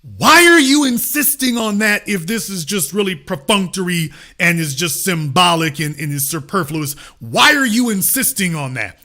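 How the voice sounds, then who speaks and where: Middle-aged guy ranting on his commentary show, sarcastic and emphatic, sharp bright tone. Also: high voice, moderate pace, few pauses. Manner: animated, sarcastic, emphatic preaching cadence. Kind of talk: political commentary monologue.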